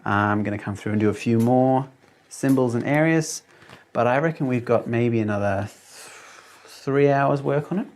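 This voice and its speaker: This is a man raised in Australia who speaks with an English accent from his British parents. He has a mid-pitched, slightly gravelly voice. He chats casually and rambles to his livestream viewers from a small room at home. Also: moderate pace, a little mellow. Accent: English accent from British parents, living in Australia. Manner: rambling and chatty, with many fillers and restarts. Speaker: livestream host and mapmaker. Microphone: desk mic, no headphones.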